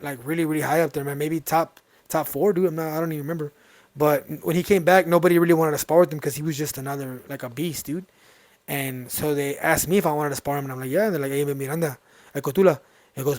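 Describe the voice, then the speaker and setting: A man's voice: a little high, no echo. A man in his twenties, a podcast host, telling a story in casual chat and acting out the voices of people he quotes. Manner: animated, acts out quoted voices.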